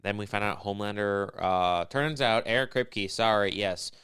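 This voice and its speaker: A man co-hosting a podcast, riffing sarcastically and deadpan through a casual TV recap. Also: on the low side, moderate pace, clean tone. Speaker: podcast co-host.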